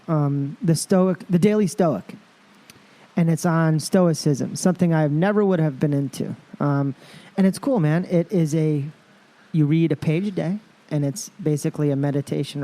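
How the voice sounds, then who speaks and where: Rambling New man, mellow tone. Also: on the high side. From New York City. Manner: rambling, laughs easily, upbeat. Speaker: podcast guest. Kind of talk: casual conversation.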